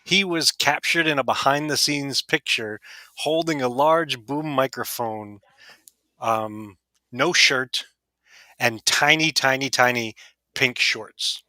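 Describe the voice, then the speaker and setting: A man's voice: medium pitch, slow pace, bright, forceful tone, no echo. A man co-hosting a casual fan awards show, telling a story with chuckles. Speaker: podcast co-host. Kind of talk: casual chat.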